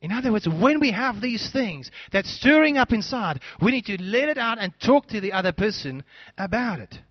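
A man's voice: high voice, sing-song, moderate pace, dry recording, highs cut off. A man preaching a sermon as pastor, acting out little scenes as he goes.

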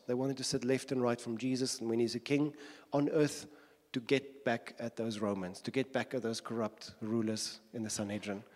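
Earnest preacher in a reverberant hall. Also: male voice, mid-range voice, darkish tone. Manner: earnest, repetitive, builds with rhetorical questions. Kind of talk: sermon.

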